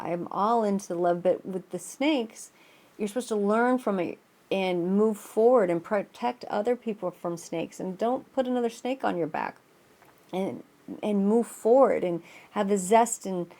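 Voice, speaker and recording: A woman's voice: medium pitch, darkish tone. Earnest, rambling woman tarot reader. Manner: rambling, many restarts and fillers, earnest. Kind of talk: casual spoken astrology reading.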